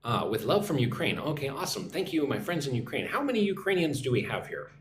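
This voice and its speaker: A man's voice: mid-range voice, big pitch swings, quick pace, roomy sound, a crowd in the background. Chatty man teaching English live. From United States. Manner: chatty, reads out comments, greets viewers in their languages. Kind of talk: live stream chat with viewers.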